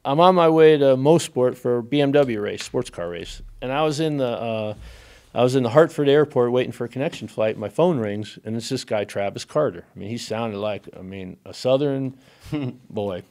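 A man guesting on a podcast as a race car driver, telling stories in an animated, rambling way with many fillers and restarts. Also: medium pitch, normal speed, vocal fry. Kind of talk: casual storytelling in a podcast interview.

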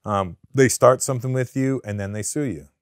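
A man from Canada, a comedian guest telling stories in a casual, profane and animated way. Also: mid-range voice, fairly quick, no echo, clean studio sound. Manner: profane, animated storyteller who acts out the people in his story. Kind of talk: casual storytelling interview.

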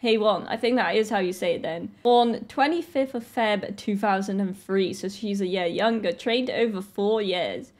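A woman's voice: mid-range voice, moderate pace, hardly any pauses, darkish tone. A woman in her twenties from Britain, chatting casually and laughing often as she reacts to a video. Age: 20s.

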